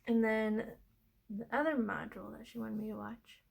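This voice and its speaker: A talkative woman from Kentucky with a fairly high voice, hosting a knitting video. She rambles through her stories with lots of fillers and easy laughs. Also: level tone, moderate pace, vocal fry, slightly rough, low-quality recording. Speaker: knitting podcaster. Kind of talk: casual chat.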